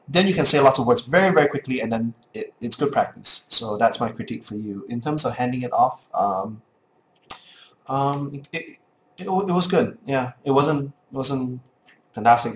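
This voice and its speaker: A man's voice: mid-range voice, echoey room, a little hiss or hum. A man with a Singaporean accent giving frank, encouraging critiques to new game casters, often repeating himself. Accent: Singaporean English. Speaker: casting coach.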